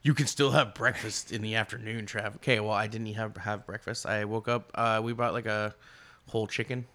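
A man's voice: fairly low pitch, steady tone, moderate pace, bright, forceful tone. A man co-hosting a casual podcast chat, loose and laughing, swearing casually. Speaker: podcast co-host.

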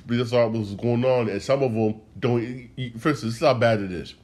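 A man's voice: mid-range voice, a little fast, darkish tone. A man hosting a solo podcast, ranting in a heated way, repeating himself and speaking straight to his listeners. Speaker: podcast host.

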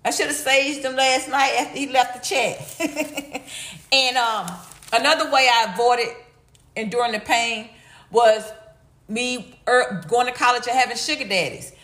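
A woman's voice: a little high, steady tone, unhurried, a bit bright. A middle-aged woman hosting a livestream, chatting casually and reading chat comments in a slangy, blunt, laughing way. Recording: echoey room.

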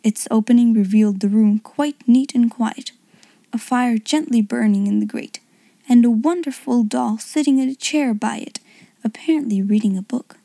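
A woman narrating a classic story in a soft, hushed, unhurried whisper. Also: fairly high pitch, expressive, creaky, no echo.

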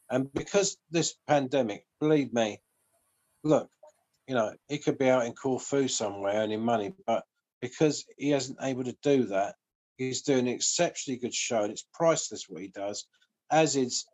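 A middle-aged man with an English Midlands accent, chatting casually and heaping praise on a friend. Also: medium pitch. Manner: warm, effusive praise, calls people mate. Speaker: guest. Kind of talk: casual chat.

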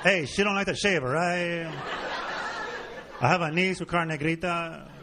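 A man's voice: fairly high pitch, normal speed, background noise. A Mexican-American man doing a brash, profane stand-up comedy set on a club stage before a live audience. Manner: profane, brash punchline delivery.

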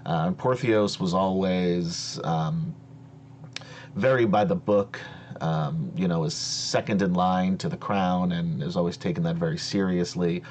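A man narrates a tabletop game as game master in a deep voice. He talks slowly, pausing often on fillers. A faint hum runs under the recording. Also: darkish tone. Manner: slow, hesitant narration with many fillers.

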